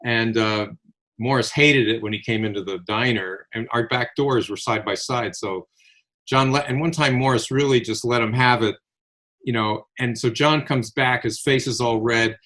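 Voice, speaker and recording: An older man reminisces in an easygoing, conversational way. His voice sits in an ordinary middle pitch. He brings his stories alive by slipping into the voices of the people in them. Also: moderate pace. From Connecticut, USA. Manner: animated anecdotal storyteller, acts out quoted voices. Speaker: podcast co-host. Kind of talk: casual reminiscing storytelling.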